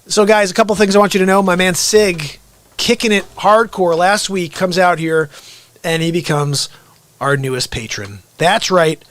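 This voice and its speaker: A middle-aged man talks straight into a close, dry mic while he hosts a live stream. His voice sits a little high for a man. He is energetic and bursts out loud now and then, then drops to low asides. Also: normal speed, dry recording. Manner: energetic, with sudden loud outbursts. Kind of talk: unscripted live-stream monologue.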